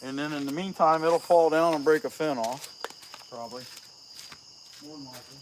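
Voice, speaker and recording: A man's voice: on the high side, normal speed, a little hiss or hum, rough recording. Folksy Ohio man chatting on a livestream. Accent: Appalachian Ohio. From Southeast Ohio, US. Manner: folksy, joking, reads out viewer names. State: out of breath. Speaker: chainsaw carver livestreaming. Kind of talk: casual livestream chat while working. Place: outdoors at a rural carving spot.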